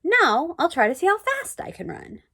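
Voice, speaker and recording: A woman's voice: very high-pitched, very animated, moderate pace, sharp tone, voice pushed up, heavily acted. A woman voicing a modest, eager young boy who loves to run, in a storybook reading. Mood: cheerful.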